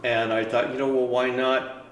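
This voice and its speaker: A man, a painter, talking about his work in an unhurried storytelling way, with trailing fillers. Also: medium pitch, level tone. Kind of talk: reflective studio talk. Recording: echoey room with soft music.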